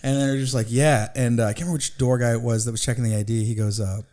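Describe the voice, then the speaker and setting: A man in his thirties hosting a podcast, high and telling stories in a loose, laughing way. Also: steady tone, fast, darkish tone. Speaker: podcast host. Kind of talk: casual chat.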